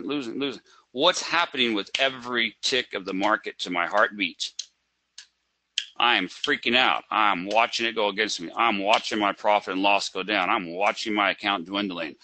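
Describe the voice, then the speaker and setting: A man's voice: mid-range voice, sharp tone, slight background noise, poor audio. A man teaching a live trading webinar, asking rhetorical questions and acting out a panicked trader. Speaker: trading instructor.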